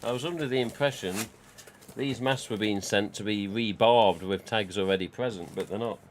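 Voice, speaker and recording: Man, low-pitched, rambling live stream chat, faint background noise. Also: moderate pace. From England. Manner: rambling, chatty, reads out chat. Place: home.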